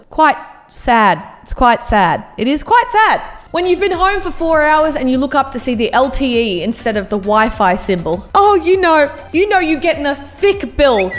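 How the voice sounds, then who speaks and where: Woman, twenties, high-pitched, mock-dramatic vlogger, faint background music. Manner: mock-dramatic, exaggerated groans. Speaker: YouTuber. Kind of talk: comedic reaction vlog.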